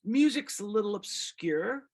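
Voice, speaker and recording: A middle-aged singer-songwriter telling rambling, animated stories about his music career in a casual interview. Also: sits high, unhurried. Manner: rambling, animated anecdotes with quoted voices.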